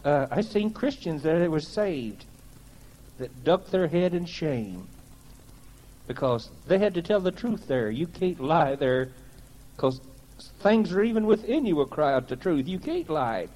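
A man's voice: fairly high pitch, big pitch swings, a little slow, darkish tone, poor audio. A man giving a personal testimony to a gathering, telling it in a plain-spoken, folksy way with earnest conviction.

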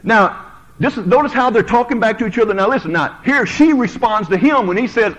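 Male preacher, middle-aged, from the US: high-pitched, swooping delivery, jokes with his congregation through a lively sermon. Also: a little fast, rough recording. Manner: animated, storytelling, joking with the congregation.

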